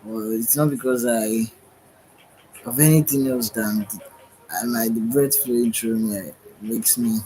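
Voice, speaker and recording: Mid-range and dark in tone, this man's voice stays fairly even and unhurried, heard over slight background noise in poor audio. Hosting a livestream while tired and yawning, he rambles spiritually, reaching for words and sprinkling in "right?" often.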